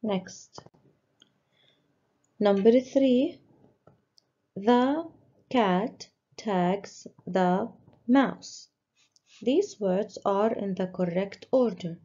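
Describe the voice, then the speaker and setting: A woman teacher slowly walking young pupils through a worksheet, patiently stressing each word. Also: mid-range voice, warm tone. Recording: dull lo-fi recording.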